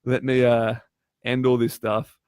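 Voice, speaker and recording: A man tutoring on a live stream, voice in the middle range for a man. He talks in an animated way, slips into quoted voices and restarts his sentences often. The sound is close and dry, with no room echo. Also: mid-range voice, a little slow, clear, resonant tone. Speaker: test prep tutor.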